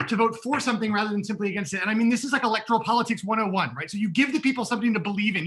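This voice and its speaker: High, bright-voiced man, comic debater, rambling, keyed-up delivery. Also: racing, few pauses. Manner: rambling, jittery, repeats words. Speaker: faculty debater. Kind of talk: comedic debate speech.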